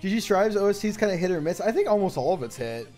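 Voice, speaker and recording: A man chatting casually on a livestream, excitable and profane, laughing often. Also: sits high, racing, faint music behind. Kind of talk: casual stream chat.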